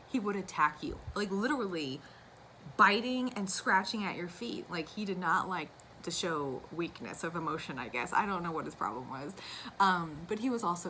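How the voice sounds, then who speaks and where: A woman's voice: lowish voice, bright, forceful tone, slight background noise, poor audio. A young woman chatting casually to camera about her cross-stitch, gushing and wandering into asides. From United States.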